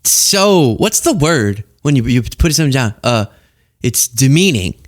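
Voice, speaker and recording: A man hosting a political commentary show, talking in an animated, exasperated, rambling way. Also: mid-range voice, a little slow.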